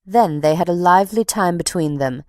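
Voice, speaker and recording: A woman's voice: lowish voice, normal speed, darkish tone, dry recording, studio quality, lightly acted. A woman voicing an indignant, talkative middle-aged box-keeper who tells her story haughtily. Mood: gossiping.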